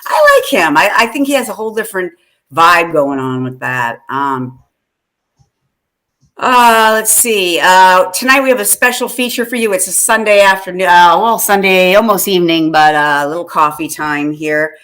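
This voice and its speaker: A woman's voice: lowish voice, animated, moderate pace, a bit bright. A woman co-hosting a casual live-stream chat, chatty and laughing, greeting viewers by name. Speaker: podcast co-host.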